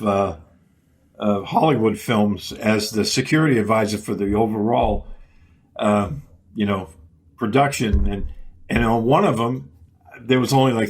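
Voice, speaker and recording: A man with a Boston accent, hosting a podcast and chatting in a hesitant way with many fillers. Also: on the low side. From United States. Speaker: podcast host. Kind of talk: casual podcast interview.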